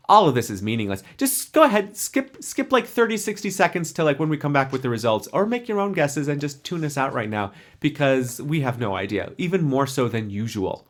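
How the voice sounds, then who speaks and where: A young adult man talks through a TV episode for a podcast, in a casual chat. He keeps slipping into the characters' lines as he retells the plot, with plenty of animated asides. His pitch sits in the middle for a man. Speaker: podcast co-host.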